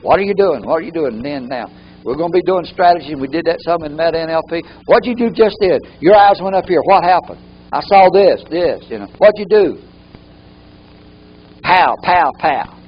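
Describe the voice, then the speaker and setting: A man's voice: a little high, expressive, fast, husky. Man lecturing a workshop, lo-fi. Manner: repeats key phrases for emphasis. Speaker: trainer.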